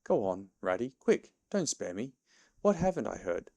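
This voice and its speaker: A man voicing a boastful, excitable male toad gentleman in a storybook reading, eager and self-satisfied. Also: on the low side, moderate pace, vocal fry, dry recording. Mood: alarmed.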